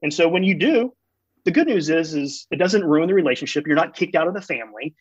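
Male guest, husky tone, earnest and explanatory, dull dry recording. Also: a little high, animated, fast talker. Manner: earnest, explains through family stories. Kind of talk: conversational theological explanation.

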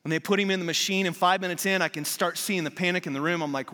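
Male guest preacher, 40s, bright and forceful tone, casual storyteller, long church-hall reverb. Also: a little high, fairly even intonation, very fast, few pauses. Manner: candid, conversational storytelling. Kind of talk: sermon.

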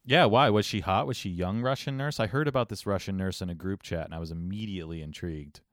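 A man co-hosting a casual chat, ribbing his partner in a deadpan, teasing way. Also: sits low, fast, dry recording, clean studio sound.

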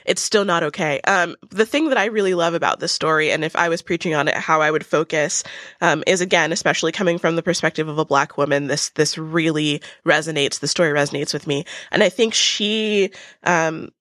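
A woman's voice: low-pitched, fairly quick, a bit bright, no room sound, clean studio sound. A woman in casual theological discussion, talking in an earnest, reflective way.

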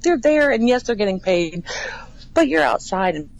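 A chatty woman talks in an easygoing, animated way, often breaking into laughter. She trails off and restarts her thoughts as she goes, speaking like an actor trainer telling stories from work. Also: on the high side, normal speed, creaky, lo-fi sound. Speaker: haunted attraction actor trainer. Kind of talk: casual interview chat.

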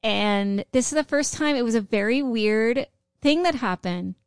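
A woman co-hosting a podcast, telling stories in casual chat, excitable and giggly. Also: on the high side, unhurried, clear, resonant tone, dry recording, studio quality. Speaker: podcast co-host.

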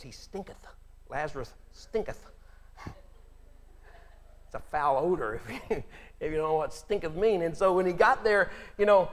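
A male pastor preaching a sermon, telling Bible stories in an animated way, acting out the characters and laughing between points. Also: fairly high pitch, in a large hall.

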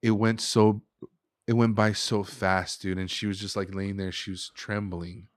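Low-voiced man telling an emotional story. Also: level tone, measured pace, dry recording, studio quality. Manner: emotional, heartfelt, says "dude" and "like" a lot. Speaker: podcast guest, chef. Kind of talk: casual podcast storytelling.

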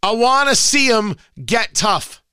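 A man's voice: very high voice, expressive, slow pace, sharp tone, clean tone, no echo, clean studio sound. A male talk radio host delivering a combative, sarcastic political rant.

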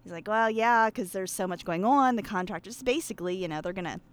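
A woman's voice: mid-range voice, fast talker, smooth. Chatty woman from Pennsylvania. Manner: chatty and self-deprecating, many fillers. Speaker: guest. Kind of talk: casual storytelling.

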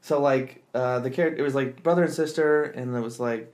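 A man's voice: medium pitch, fairly even intonation, brisk, few pauses. A man hosting a podcast, telling a story in casual chat, acting out quotes in exaggerated voices with lots of fillers. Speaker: podcast host.

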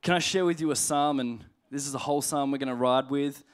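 A man preaching a sermon in a conversational, humorous way, slowing down to read scripture aloud. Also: mid-range voice. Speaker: pastor.

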